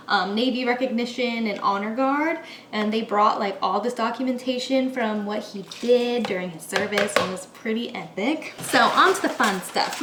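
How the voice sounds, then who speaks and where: A young woman in her twenties chatting casually and rambling as she bakes in her apartment kitchen, laughing often. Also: on the high side. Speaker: vlogger. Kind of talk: casual chat while baking. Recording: echoey room, faint noise.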